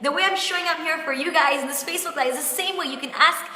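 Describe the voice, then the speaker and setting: A woman's voice: sits high, fast, sharp tone. A woman business coach talking in a live-streamed coaching session, effusive and heartfelt, close to tears, with "like" sprinkled through her talk. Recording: echoey room with long reverb.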